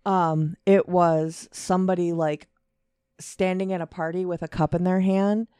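A woman with a lowish voice trades loose, profane banter as a podcast co-host. She reads trivia in a casual, joking way and laughs often. The sound is dry and close. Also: level tone, unhurried, warm tone, smooth, no room sound. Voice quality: swears freely, laughs often. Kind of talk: casual comedic chat reading from Wikipedia.

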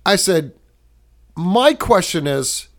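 A man co-hosting a podcast, telling an animated bar story and acting out both sides of the argument, swearing freely. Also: sits high, slow. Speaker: podcast co-host. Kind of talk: casual storytelling chat.

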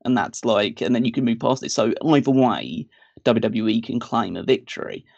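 A man's voice: mid-range voice, moderate pace, vocal fry, a little mellow, dry recording, muffled recording. A man co-hosting a podcast, chatting casually in a rambling way full of restarts and fillers. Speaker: podcast co-host. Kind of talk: casual wrestling discussion.

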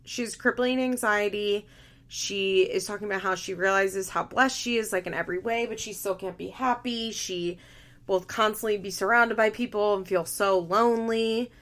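A woman with a medium-pitched, fairly bright voice hosts a podcast, recapping a reality show in casual chat at normal speed and a steady tone. She is blunt and opinionated, leaning heavily on "like" as filler.

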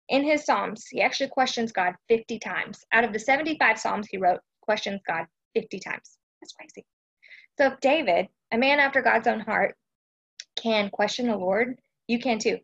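A woman's voice: on the high side, creaky, a bit bright, lo-fi sound. A woman from Texas, hosting a casual devotional live stream chat and often checking in with her listeners. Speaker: host of a faith chat.

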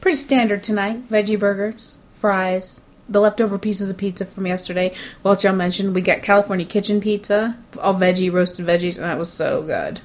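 A woman's voice: mid-range voice, steady tone, normal speed, few pauses. A woman co-hosting a casual chat, talking in an opinionated way and mimicking others in quoted voices. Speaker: co-host.

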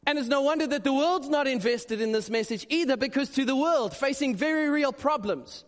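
A male pastor with a very high voice delivers an animated, conversational sermon peppered with quick asides. A long hall reverb trails his words.

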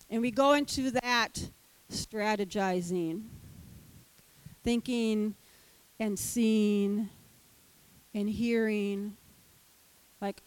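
An older woman who teaches Sunday school, giving an animated sermon and acting out the voices of the characters. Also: fairly high pitch, slow pace, long pauses, poor audio.

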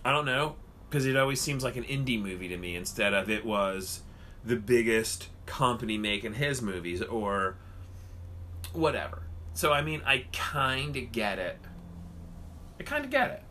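A man co-hosting a casual podcast chat, ranting and swearing in an animated way. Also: mid-range voice, normal speed, a little hiss or hum.

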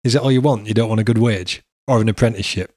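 A man's voice: fairly low pitch, racing, darkish tone, no echo, studio quality. A middle-aged man, hosting a podcast and chatting casually with his son, laughing often. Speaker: podcast host.

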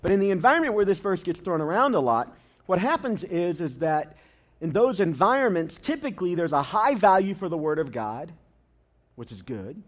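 A man's voice: high voice, sing-song, normal speed. A man preaching a sermon as a pastor, talking conversationally and telling funny stories to the congregation. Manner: conversational and humorous, tells anecdotes.

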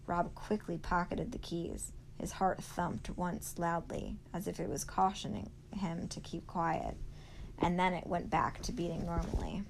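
Teacher lady reading a chapter book out loud, low gravelly voice, steady pace. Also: unhurried, background noise. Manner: steady storytelling read-aloud. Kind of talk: reading a novel aloud.

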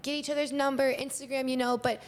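A woman's voice: sits high, little pitch movement, fast, big-room sound, faint music behind. A young woman co-hosting a podcast, chatting casually, with lots of "like" and "literally" in her speech. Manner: chatty, heavy use of "like" and "literally". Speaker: podcast co-host. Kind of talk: casual chat.

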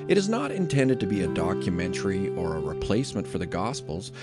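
A man reading scripture aloud in a measured, expressive way, then giving a casual devotional comment on a close mic. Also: lowish voice. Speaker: Bible reader and podcast host.

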